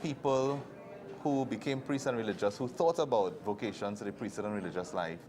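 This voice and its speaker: A man's voice: fairly low pitch, fairly quick, darkish tone. A man with a Trinidadian accent, co-hosting a church show as a deacon, speaking earnestly and repeating words for emphasis. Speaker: deacon co-host. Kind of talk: casual chat.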